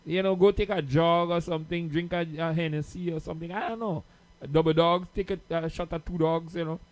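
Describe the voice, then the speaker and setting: A man's voice: a little high, fairly even intonation, a little fast. A man hosting a casual late-night radio show, playful and teasing, laughing often.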